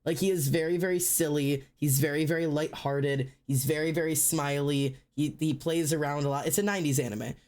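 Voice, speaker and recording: A woman's voice: deep voice, fairly even intonation, brisk, few pauses, a little mellow. A woman streamer chatting casually, ranting and swearing, with dramatic wails of mock despair. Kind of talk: casual live-stream chat.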